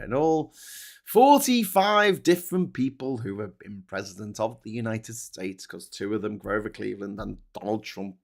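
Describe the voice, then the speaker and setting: A man's voice: mid-range voice, fairly bright tone. A man hosting a show, giving casual, sardonic political commentary with swearing and mock-incredulous asides. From Britain. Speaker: show host.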